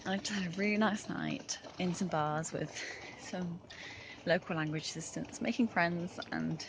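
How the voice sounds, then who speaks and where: A woman's voice: on the low side, moderate pace, gravelly, background noise. A young woman chatting candidly in a video diary about her weeks abroad, laughing now and then and using lots of "like" and "um". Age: young adult. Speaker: vlogger, language assistant abroad.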